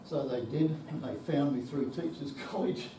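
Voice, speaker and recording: A man's voice: medium pitch, moderate pace, noisy background. A man in his seventies with an Australian accent, telling anecdotes at a conference with salty swearing and chuckles. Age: 70s. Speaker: conference speaker. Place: conference hall. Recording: echoey hall, distant mic.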